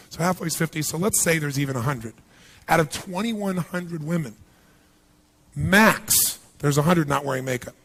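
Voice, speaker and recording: A man giving a live motivational seminar, energetic and punchy, constantly quizzing the audience with questions. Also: on the high side, moderate pace. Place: large seminar hall with thousands present.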